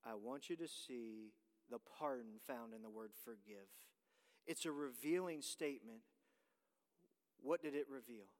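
A man preaching a sermon as pastor, dropping to hushed lines and rising to shouts, at times singing hymn lines. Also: medium pitch, a little slow, big-room sound.

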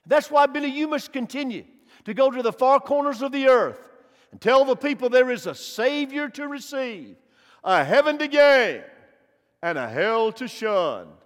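A man preaching a sermon as pastor, telling stories and building to emphatic preaching. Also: extremely high pitch. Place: church sanctuary. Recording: long reverb of a large hall.

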